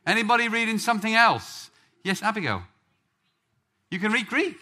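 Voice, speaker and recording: A man's voice: high voice, animated, moderate pace, bright, forceful tone. A man from England preaching a sermon, joking with the congregation before telling a story. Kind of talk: sermon with audience banter.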